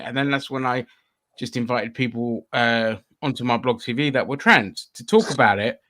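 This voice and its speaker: A man's voice: mid-range voice, normal speed, pushed and bright. Sweary man hosting a podcast. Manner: loose, sweary, many restarts and fillers. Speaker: podcast host. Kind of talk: casual chat.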